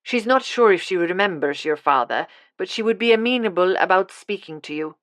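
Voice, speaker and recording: Woman doing a slow, measured hotel worker. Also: on the low side, lively intonation, fairly bright tone, no echo.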